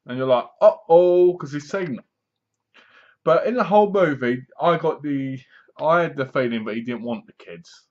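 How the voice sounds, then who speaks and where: A man casually recapping a horror film, animated, acting out the characters' lines and laughing at his own jokes. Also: mid-range voice, highs cut off. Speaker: movie reviewer.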